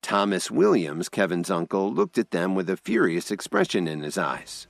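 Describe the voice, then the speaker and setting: A man narrating a scripted audio drama with expressive storytelling. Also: deep voice, moderate pace, gravelly, hardly any pauses, no echo, clean studio sound.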